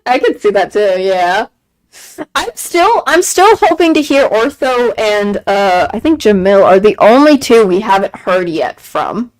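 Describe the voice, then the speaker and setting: A woman streaming a game and chatting casually, gushing excitedly, repeating herself and laughing often. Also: mid-range voice, a little slow, low-quality recording. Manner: excited gushing fan talk, frequent laughs and repeated phrases. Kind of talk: casual chat on a live stream.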